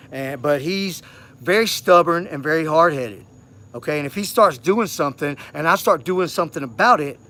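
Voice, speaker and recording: A man's voice: on the high side, a bit bright. A man talking in a rambling, repetitive monologue that grows urgent and insistent. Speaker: vlogger. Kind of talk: casual monologue to camera.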